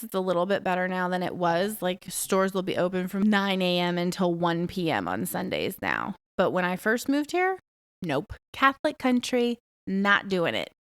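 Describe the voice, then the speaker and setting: A woman's voice: mid-range voice, clean tone, no room sound, clean studio sound. A woman in her thirties hosting a podcast alone, talking frankly and bluntly and swearing freely. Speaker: podcast host. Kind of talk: casual monologue podcast.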